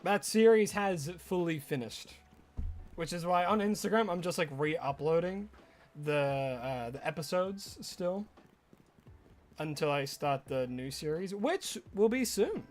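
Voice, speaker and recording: Lively high-voiced Australian man streaming. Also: unhurried. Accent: Australian with some American. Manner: chatty, answers chat, mock-indignant. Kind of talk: casual live-stream chat.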